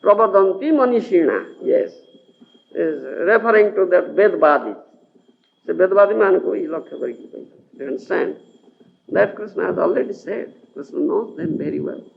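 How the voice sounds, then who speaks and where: A man's voice: high-pitched, fast talker, gravelly. A man from India giving a scripture lecture, often asking his listeners whether they follow. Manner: animated, keeps checking with listeners. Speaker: spiritual teacher. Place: lecture hall. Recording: dull lo-fi archival tape with faint hiss.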